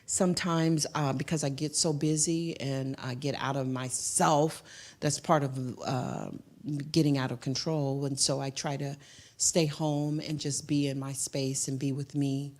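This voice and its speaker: A woman giving a heartfelt spiritual testimony, halting and full of fillers. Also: rumbling low, steady tone, a little mellow. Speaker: guest speaker and singer.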